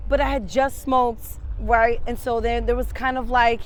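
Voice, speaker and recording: A woman's voice: a little high, flat delivery, moderate pace, few pauses. A woman telling a personal story in casual, profane, slang-heavy speech. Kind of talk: casual street-interview storytelling.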